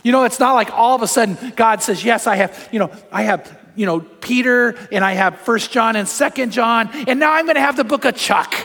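A middle-aged male pastor preaches with a high voice, telling personal stories and acting out the voices he quotes. He drops playful jokes along the way. His voice carries a long reverb, as if recorded in a large church hall. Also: a little fast, gravelly, hardly any pauses, pushed and bright. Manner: storytelling, acts out quoted voices, jokey asides. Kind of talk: sermon.

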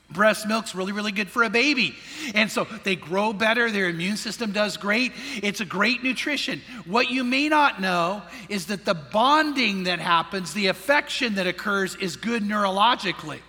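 A man's voice: high-pitched, bright, forceful tone, long reverb tail. A male pastor preaching a sermon in earnest, putting questions to his congregation. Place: church sanctuary.

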